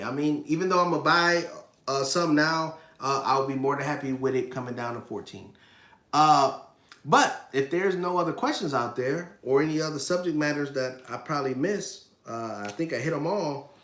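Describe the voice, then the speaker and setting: A man's voice: on the high side, fairly bright tone, echoey room. A man in his thirties hosting a casual live finance stream, talking emphatically, repeating his points and answering chat questions. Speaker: livestream host.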